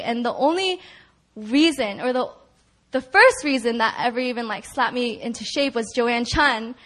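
A woman's voice: high-pitched, a bit bright. A young woman giving a personal testimony at a church prayer meeting, talking in a chatty way full of "like" and "you know" and often laughing as she tells it. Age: young adult. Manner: laughs often while telling.

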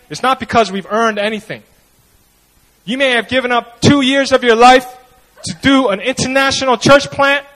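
A man's voice: high voice, rough recording. A man preaching a sermon in a conversational way, often acting out the people he quotes. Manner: conversational, animated, acts out quoted voices. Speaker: pastor.

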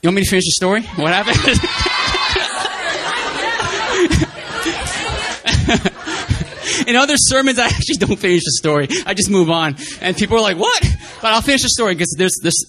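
A male preacher tells a personal story to his congregation in a casual, heartfelt sermon. His voice sits a little on the high side for a man. He talks earnestly and loosely, circling back to repeat his phrases. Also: animated, racing, hardly any pauses, music in the background, crowd noise.

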